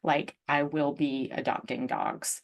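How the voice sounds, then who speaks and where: A woman's voice: deep voice, little pitch movement, measured pace. A woman host telling a personal story in a casual, chatty way, full of "like" and "um", and openly emotional. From United States. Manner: chatty, lots of fillers like "like" and "um", emotional.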